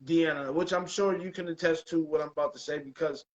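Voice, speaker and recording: A man hosting a casual chat show, relaxed and loose, dropping "bro" and "man" often. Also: a little high, brisk, muffled recording. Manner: laid-back, says "bro" and "man" a lot. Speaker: podcast host.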